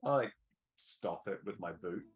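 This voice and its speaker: A man's voice: low-pitched, lively intonation, measured pace, husky, faint music behind. A man playing a tabletop game, making wry, joking remarks. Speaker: player. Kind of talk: casual tabletop game play.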